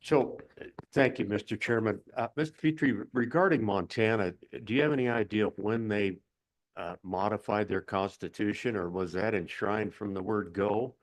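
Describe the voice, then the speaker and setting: A man's voice: on the low side, normal speed. A man, a state senator, politely asking a witness a formal question at a committee hearing.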